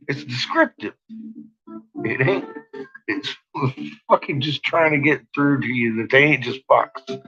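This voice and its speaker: A man's voice: medium pitch, expressive, normal speed, pauses often, bright, forceful tone, husky, faint music behind. A man hosting a late-night livestream, ranting profanely at his chat and often breaking into laughter. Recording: dull lo-fi stream audio.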